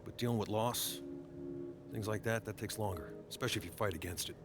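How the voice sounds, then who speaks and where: Guy doing a low, fast-talking veteran teammate giving calm advice, music under. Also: close to an everyday voice. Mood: supportive. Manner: calm, wise-sounding. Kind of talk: video game cutscene dialogue.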